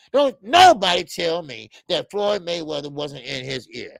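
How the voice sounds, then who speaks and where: A man hosting a boxing live stream, talking in an animated, profane way, acting out quotes and greeting people in the chat. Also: a little high, vocal fry, dry recording, clean studio sound. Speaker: boxing show host.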